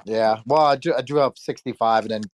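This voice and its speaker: A man's voice: mid-range voice, brisk, slight background noise. An American man telling anecdotes in a casual chat, often laughing.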